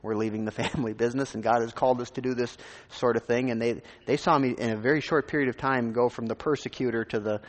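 A man's voice: mid-range voice, steady tone, quick pace, long reverb tail. A man from Minnesota, a pastor, telling his personal testimony in a sermon in an informal, rambling way with many restarts.

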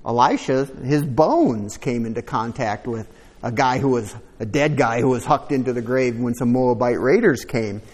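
A man's voice: medium pitch, normal speed, husky, in a large hall. A man preaching a sermon, reading scripture aloud with rising emphasis and adding conversational asides to the congregation. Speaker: pastor.

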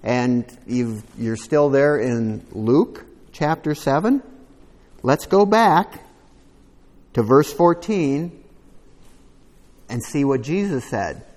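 A man's voice: mid-range voice, lively intonation, takes it slowly, long pauses, darkish tone, in a large hall. A man preaching a sermon, reading scripture aloud with rising emphasis and adding conversational asides to the congregation. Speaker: pastor.

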